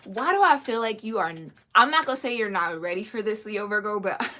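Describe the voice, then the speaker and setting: A woman of medium pitch moves briskly through a casual tarot reading to camera by herself. She chats easily, giggles frequently, and adds spirited asides.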